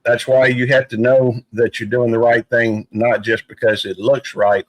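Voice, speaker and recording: A man's voice: medium pitch, little pitch movement, normal speed, no echo, poor audio. A man speaking earnestly and emphatically on a casual live panel, with some playful teasing.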